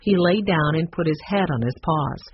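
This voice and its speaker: A narrator reading a children's chapter book aloud in a plain, measured storytelling manner. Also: mid-range voice, husky, no echo, dull audio. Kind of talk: audiobook narration.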